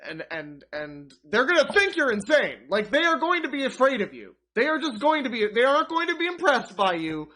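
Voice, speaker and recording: A young man rants on a live stream with a sarcastic, exasperated edge, swearing freely. His voice swings widely in pitch, leaping up and dropping low as he rambles and restarts mid-thought. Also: sing-song, a little fast, few pauses, bright, forceful tone. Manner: rambling with frequent restarts and asides. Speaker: streamer reacting to online content. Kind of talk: ranting live-stream commentary.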